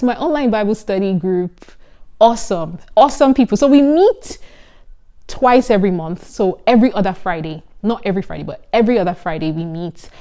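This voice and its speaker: Young woman, twenties, mellow voice, casual vlog, animated, earnest, giggly. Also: medium pitch. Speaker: vlogger, medical student.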